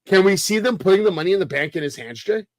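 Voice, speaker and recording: A man with a high-pitched voice runs a casual wrestling podcast, hyping matches and tossing rhetorical questions at his co-host. He swears freely and keeps the talk rolling. The recording is dry and close. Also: expressive, quick pace, dry recording.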